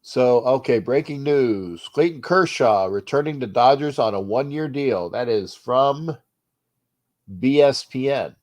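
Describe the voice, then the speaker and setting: A man with a stuffed-up nose hosts a sports talk show, rambling along at a middling pitch. He trails off into low mutters, restarts his sentences, and then gets loud. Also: lively intonation, measured pace. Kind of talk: uncensored fan rant show.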